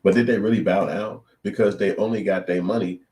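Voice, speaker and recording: Speaking a little fast in a low, mellow voice with fairly even intonation, the show host addresses his viewers head-on. His casual opinion monologue is a blunt, profane, preachy rant, complete with acted-out quotes.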